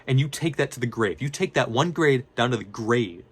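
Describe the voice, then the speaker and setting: A man's voice: medium pitch, lively intonation, normal speed. Rambling young man talking casually. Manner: rambling, self-correcting, casual slang. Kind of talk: casual unscripted talk to camera.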